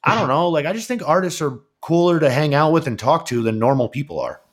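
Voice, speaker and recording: A man's voice: a little high, fast talker. Profane rambling podcast co-host, man. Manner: profane, rambling, animated storytelling. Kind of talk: casual chat.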